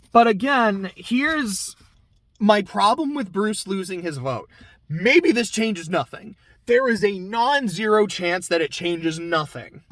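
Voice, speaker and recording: Guy doing a casual show recap, kinda high voice, swears a lot, super chatty. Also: a bit bright, no echo. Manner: chatty and candid, swears freely. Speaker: reality TV recap host. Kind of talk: casual episode recap commentary.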